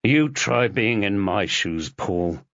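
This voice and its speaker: Tense male detective, terse and clipped, in the narrator's own voice; slow, lively pitch. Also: no room sound, heavily acted. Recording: dull lo-fi audiobook recording.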